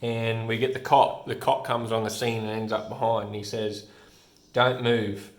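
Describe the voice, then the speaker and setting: A man casually walking through a comic book page by page, rambling and restarting his sentences, often chuckling. His voice sits on the low side. The recording carries a noticeable roomy echo. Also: little pitch movement, moderate pace.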